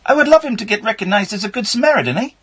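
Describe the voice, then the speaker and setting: Brief: man doing a Canadian woman witness, high and bouncy, Canadian accent. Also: expressive, rapid-fire, fairly bright tone, slightly rough, no echo, exaggerated voice. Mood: earnest. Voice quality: quoting with a tagged-on "eh".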